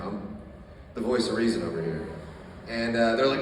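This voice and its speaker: Deadpan stand-up man in an echoey room. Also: medium pitch, a little fast, pauses often, far from the mic, a little hiss or hum. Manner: deadpan dark jokes, swearing. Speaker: stand-up comedian. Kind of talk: stand-up set. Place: small coffee shop stage.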